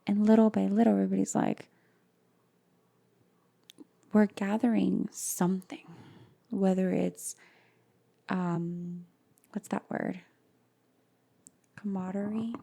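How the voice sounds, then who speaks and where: A woman's voice: medium pitch, level tone, slow, gravelly, pauses often, warm tone. A woman co-hosting a casual book podcast, talking thoughtfully, searching for words and slipping into Spanish. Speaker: podcast co-host.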